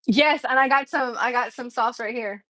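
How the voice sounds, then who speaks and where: A woman's voice: fairly high pitch, moderate pace, pushed and bright, dry recording. A woman hosting a casual livestream from her kitchen, chatting to viewers and laughing often. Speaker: livestream host.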